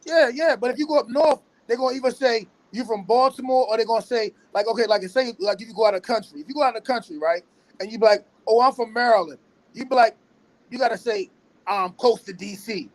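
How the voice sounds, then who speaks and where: A man's voice: extremely high pitch, fast, rough recording. A man hosting a podcast in casual chat, rambling and repeating himself as he restarts his points. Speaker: podcast host.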